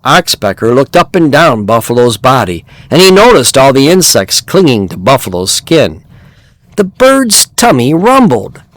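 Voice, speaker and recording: Podcast host, man, slow storybook narration, very animated, dry close mic. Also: mid-range voice, no echo. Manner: slow and expressive.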